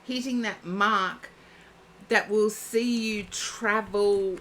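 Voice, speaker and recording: A woman's voice: medium pitch, steady tone, slow, fairly bright tone. A woman giving a live-streamed oracle card reading, chatting and thinking aloud as she reads. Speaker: psychic card reader.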